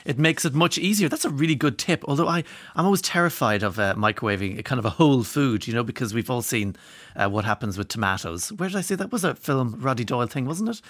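A man's voice: mid-range voice, animated, fast, fairly bright tone, dry recording. An Irish man presenting a radio show from a studio, chatting casually with rambling asides and self-deprecating humour while reading out listener texts. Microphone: studio microphone.

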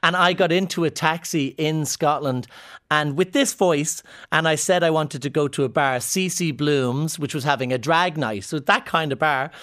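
A man from Ireland, appearing as a comedian guest, chats casually in an interview and tells playful, joking anecdotes in his Irish accent. His voice is a little high with a fairly bright tone.

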